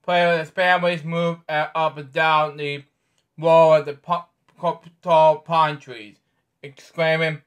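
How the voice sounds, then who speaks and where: A man hosting a bedtime story show, reading a picture book aloud haltingly with offhand asides. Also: a little high, little pitch movement. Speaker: host.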